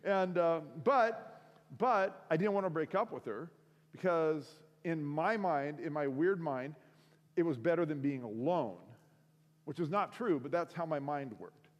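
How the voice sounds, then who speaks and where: Male speaker, animated storyteller, acts out dialogue; slightly high voice, long auditorium reverb. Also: measured pace, dull audio. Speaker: guest speaker. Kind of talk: sermon testimony. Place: school auditorium.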